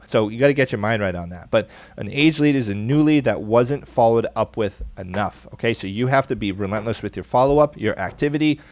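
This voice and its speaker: A man coaching salespeople in an emphatic, repetitive motivational style, acting out phone scripts in a brighter upbeat voice. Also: mid-range voice, dry recording. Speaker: sales trainer.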